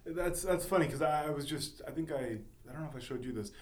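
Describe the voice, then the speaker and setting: A podcast host chatting casually and eagerly, with many fillers. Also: mid-range voice. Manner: fast, enthusiastic, many fillers and restarts. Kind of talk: casual interview chat.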